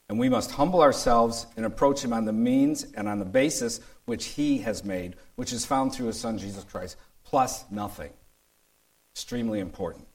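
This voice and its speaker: A man's voice: medium pitch, rough recording. A male pastor preaching a sermon, emphatic, repeating his key points and reading scripture aloud.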